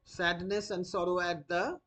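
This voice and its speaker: A literature teacher dictates notes for students at a deliberately slow pace. Each phrase is repeated, and key words are spelled out one letter at a time. While explaining, the teacher pauses often with "uh". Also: mid-range voice, level tone, a bit bright. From India. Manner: frequent "uh" fillers when explaining. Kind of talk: dictated lesson.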